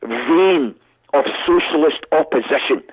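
A man's voice: a little high, a little slow, a little hiss or hum. A Scottish man, a guest on a radio phone-in, arguing in an impassioned, combative way, heard over a tinny phone line. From Scotland. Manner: impassioned, combative, rising to emphatic outbursts.

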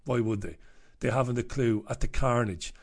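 A man's voice: mid-range voice, normal speed. A middle-aged man hosting a live stream, chatting casually in a blunt, profane, rambling way.

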